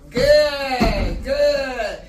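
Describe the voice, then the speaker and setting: A woman's voice: high voice, lively intonation, extremely slow. A woman teacher leading a classroom phonics lesson, calling out prompts and praise to her students. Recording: echoey, distant classroom with loud noise.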